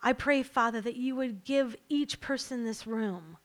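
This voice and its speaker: A woman's voice: on the high side, moderate pace. A woman preaching a sermon to a church congregation, emphatic and repeating her key lines, then leading a prayer.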